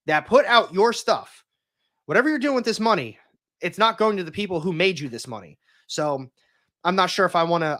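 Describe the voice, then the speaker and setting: Young male livestream host, slightly high-pitched, rambling and opinionated, casual. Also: fairly bright tone. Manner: rambling, opinionated, with frequent restarts. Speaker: comics YouTuber hosting a livestream.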